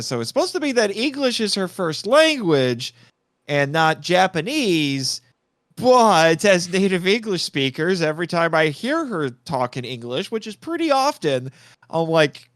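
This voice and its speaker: A man talking as a podcast guest in casual chat, excitable, laughing often and changing his mind mid-thought. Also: on the high side, unhurried, dry recording, studio quality.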